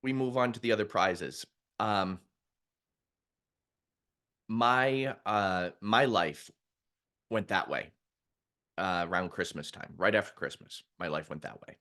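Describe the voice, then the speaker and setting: A man's voice: low-pitched, takes it slowly, pauses often, pushed and bright. A middle-aged man, a mindset coach, talking candidly and conversationally in a live stream, with frequent restarts. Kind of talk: live-streamed casual talk.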